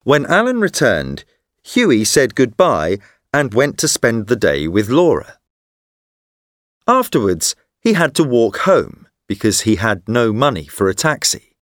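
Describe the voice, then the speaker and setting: A man reads a simple storybook aloud at a deliberately slow, careful pace. His pitch moves expressively through the sentences. The recording is dry and close. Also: huge pitch swings, a bit bright, dry recording. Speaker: narrator. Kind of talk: scripted narration of a graded reader story.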